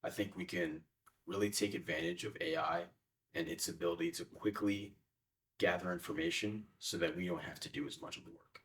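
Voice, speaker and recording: Deep-voiced young man, far from mic. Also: expressive, brisk, a bit bright, slight background noise. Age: young adult. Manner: hesitant, with frequent fillers. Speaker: interviewee. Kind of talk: casual interview answers.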